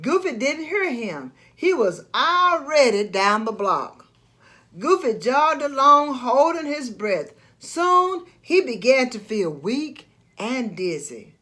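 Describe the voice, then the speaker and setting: Storyteller: woman reading a storybook aloud, high, lively, slow. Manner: expressive, slow read-aloud.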